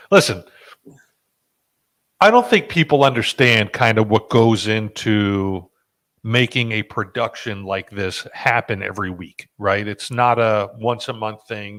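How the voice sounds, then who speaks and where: Male podcast host, low-pitched, casual, jokey, lots of ums and restarts. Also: a bit bright. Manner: loose and joking, with frequent fillers and restarts.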